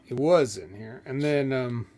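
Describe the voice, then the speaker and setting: A man co-hosts a wrestling podcast in a laid-back tone, chiming in and reading comments from the chat. His voice sits at an ordinary mid pitch. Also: a little slow, faint music behind. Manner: relaxed, reads out viewer comments. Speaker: podcast co-host. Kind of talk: casual wrestling show chat.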